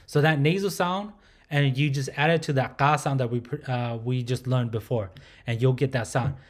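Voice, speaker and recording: A man at a middle pitch works through a recorded pronunciation lesson. He says each sound slowly and more than once, and he keeps checking in with a quick "right?" His tone stays patient and methodical. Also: steady tone. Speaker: language teacher.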